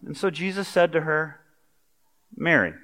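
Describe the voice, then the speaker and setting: With a long reverb tail trailing his words, a man preaches at normal speed in a mid-range voice. The sermon feels conversational and animated, a story peppered with pop culture and everyday asides.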